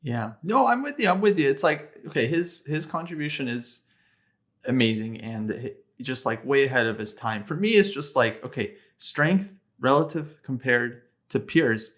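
A man's voice: mid-range voice, animated, normal speed, fairly bright tone. A man co-hosting a casual podcast chat, talking in a hesitant, agreeable way with many fillers. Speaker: podcast co-host.

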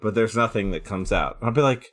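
A man's voice: lowish voice, animated, a little fast, fairly bright tone. A man playing in a casual tabletop game, joking and chatting loosely. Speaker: player. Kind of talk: casual chat and in-character play.

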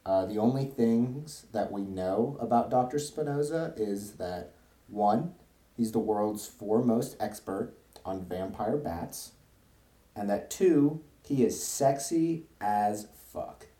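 A man's voice: lowish voice, lively intonation, takes it slowly, warm tone, reverberant. A man co-hosting a podcast, casually recapping a cartoon episode in a rambling way, with lots of fillers and joking asides. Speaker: podcast co-host. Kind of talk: casual chat.

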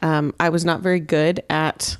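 Low-voiced woman, earnest chat. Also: flat delivery, normal speed, smooth, no echo, studio quality. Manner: earnest, explains with examples from home life. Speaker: podcast co-host. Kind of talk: casual podcast chat.

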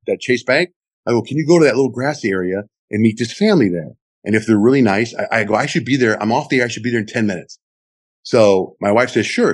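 A middle-aged man, a radio host, telling a long story in an interview and acting out the quotes with big jumps in his voice. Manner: lively, acts out quotes with big pitch jumps.

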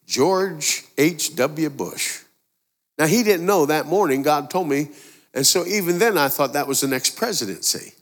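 A man's voice: a little high, fairly bright tone. A male preacher giving a sermon in a folksy, conversational way, telling stories and voicing the people in them. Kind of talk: sermon with storytelling. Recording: long hall reverb.

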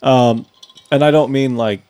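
A man's voice: mid-range voice, fairly even intonation, measured pace, warm tone, clean tone. A man from Texas in casual chat, easygoing and profane, with laughing asides.

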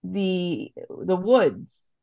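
Woman podcast host, lowish voice, rambly and sweary, super casual. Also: sing-song, very slow, vocal fry, dark tone. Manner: chatty, filler-heavy, swears freely. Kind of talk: casual podcast recap chat.

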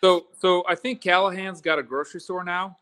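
A man from Florida, a distillery guest in a casual bar chat, who talks haltingly, repeats words and explains things slowly. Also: high voice, steady tone, bright, forceful tone.

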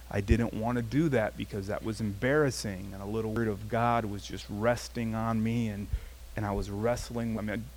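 A man's voice: lowish voice, slight background noise. A man preaching a sermon as pastor, in a conversational style and telling a personal story. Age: adult, past his teens. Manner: conversational, animated storytelling with acted quotes.

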